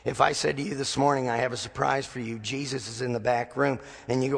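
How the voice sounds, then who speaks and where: Gravelly pastor preaching in a reverberant hall. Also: male voice, medium pitch, little pitch movement, brisk, few pauses. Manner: storytelling with dry humor, acting out dialogue. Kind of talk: sermon.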